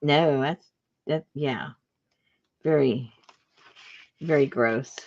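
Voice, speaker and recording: A woman's voice: extremely low pitch, very slow, a little mellow, lo-fi sound. A woman telling a story in a casual chat, laughing often and acting out the voices in her quotes. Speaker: craft video host.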